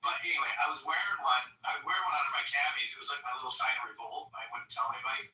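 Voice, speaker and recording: Fast-talking bright male podcast host. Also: mid-range voice, fairly even intonation, echoey room, recorded from a distance, poor audio. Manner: quick, chatty anecdotes with restarts. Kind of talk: casual storytelling chat.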